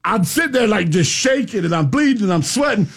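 Loud, excitable husky-voiced man. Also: sits high, a little fast. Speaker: radio show host. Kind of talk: casual chat, animated storytelling.

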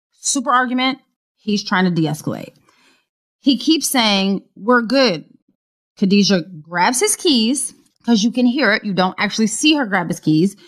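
A woman co-hosting a talk podcast, retelling events in an earnest, measured way. Her pitch moves a lot as she speaks, rising and falling to mark quoted lines. Her voice sits in a middle range for a woman. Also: a bit bright. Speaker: podcast co-host. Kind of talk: recounting a news story in conversation.

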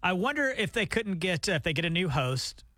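Male radio co-host, high-pitched, chatty, dry close studio sound. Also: sing-song, a little fast, bright, forceful tone, no echo. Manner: chatty, brings up stories and recommendations. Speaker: radio morning show co-host. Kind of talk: casual morning radio banter. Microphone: studio microphone.

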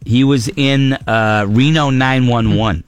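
A man's voice: mid-range voice, fairly even intonation, takes it slowly. A man hosting a radio show in casual chat, eager and full of fillers and restarts. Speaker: radio host.

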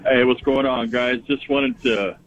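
A man's voice: medium pitch, fairly even intonation, a little slow, a little hiss or hum. Rambling male caller on a phone line. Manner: rambling, many "uh" and "you know". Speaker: radio caller. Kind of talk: telling a story on the phone.

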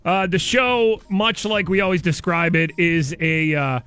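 A man with a high-sitting, bright, clear, and resonant voice hosts a morning radio show. Speaking at a measured pace with fairly even intonation, he banters casually with his co-host in a loose, rambling, jokey way.

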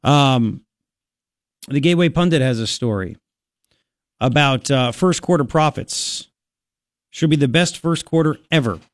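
A man hosting a talk radio show in a studio, excitable and rambling, with lots of exclamations. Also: mid-range voice, unhurried, pauses often, dry recording. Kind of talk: animated talk radio banter.

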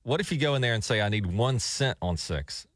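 Animated male radio co-host, dry studio sound. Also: medium pitch, brisk, dry recording. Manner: animated storytelling, chuckling. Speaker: radio morning show co-host. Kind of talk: casual radio banter. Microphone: studio microphone.

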